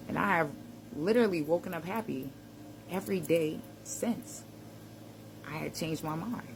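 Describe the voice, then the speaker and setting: Lower-voiced woman giving casual motivational talk. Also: normal speed, pauses often, noisy background. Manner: conversational and reflective, with slang and frequent laughs. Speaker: self-help vlogger.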